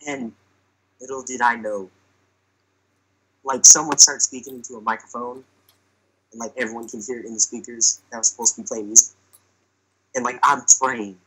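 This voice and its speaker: Bright, husky young man telling a story. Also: mid-range voice, steady tone, fairly quick, long pauses, rough recording. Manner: chatty, filler-heavy, acts out quoted lines. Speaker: podcast storyteller. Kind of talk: casual comic storytelling.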